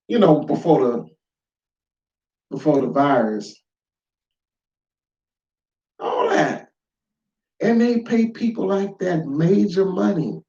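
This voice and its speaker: A man giving an informal spoken lesson, emphatic and full of rhetorical questions, swinging between loud and quiet. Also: sits high, recorded from a distance. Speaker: lecturer. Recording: echoey room, dull lo-fi sound.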